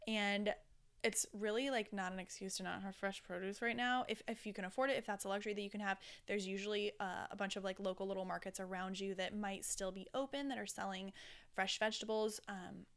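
Woman podcast host, chatty and candid, smooth clear tone, mid-pitched. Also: fairly even intonation, fairly quick, a bit bright. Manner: chatty, rambling, candid with casual swearing. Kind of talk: casual solo podcast chat.

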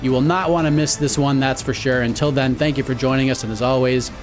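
A man's voice: medium pitch, steady tone, quick pace, music in the background. A man co-hosting a sports podcast, chatting casually and wrapping up the episode. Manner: upbeat, wraps up the show. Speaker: podcast co-host.

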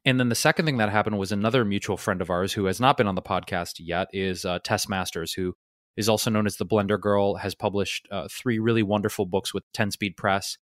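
Low-voiced man telling a story. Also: brisk, dry recording, clean studio sound. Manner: relaxed, rambling, many fillers. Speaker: podcast co-host. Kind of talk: casual storytelling.

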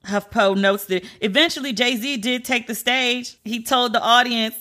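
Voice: mid-range voice, steady tone, a little slow, pushed and bright. A commentator reading entertainment news aloud in a casual, chatty way and reacting openly between the items.

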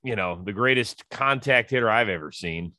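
A man's voice: fairly low pitch, expressive, moderate pace, pushed and bright, no echo, clean studio sound. A man hosting a casual interview, chatty and teasing his guest. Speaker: interview host. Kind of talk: casual chat.

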